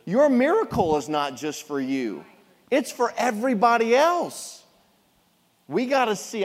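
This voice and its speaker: Middle-aged male pastor, lively joking sermon delivery, slightly higher voice, long hall reverb. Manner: animated, jokey storytelling preacher.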